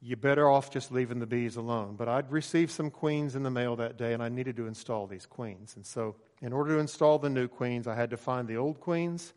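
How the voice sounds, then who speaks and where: A middle-aged man, a pastor, telling a story in a sermon in a relaxed, conversational way, with many pauses and fillers. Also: medium pitch. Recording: long hall reverb.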